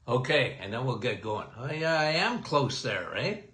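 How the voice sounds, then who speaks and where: A man's voice: mid-range voice, lively intonation, normal speed, pushed and bright, roomy sound. A man hosting a health livestream and podcast, chatting casually and greeting viewers by name.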